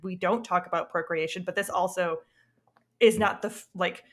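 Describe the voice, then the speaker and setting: A woman's voice: lowish voice, fairly even intonation, moderate pace. Chatty woman podcast co-host. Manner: laughs often, chatty. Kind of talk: casual podcast chat.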